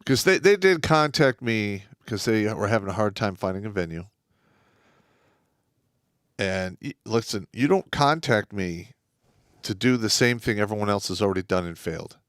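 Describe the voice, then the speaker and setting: A man's voice: fairly low pitch, lively intonation, normal speed, fairly bright tone, no room sound, studio quality. Brash, swearing man co-hosting. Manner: brash, profane, boastful. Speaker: co-host. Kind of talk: casual livestream chat.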